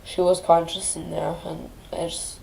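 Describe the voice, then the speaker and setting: Woman host, grieving, near tears, low pitched and flat, halting speech. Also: creaky, a little hiss or hum, low-quality recording. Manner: halting, restarting often, trailing off. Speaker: channel host. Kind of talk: personal grieving vlog.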